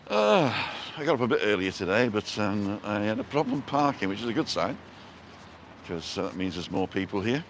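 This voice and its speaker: A man's voice: lowish voice, sing-song, normal speed, slight background noise. A man hosting a casual live walking vlog outdoors, chatting and greeting viewers by name as he goes. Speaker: vlog host on a live stream. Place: outdoors on a town street and park.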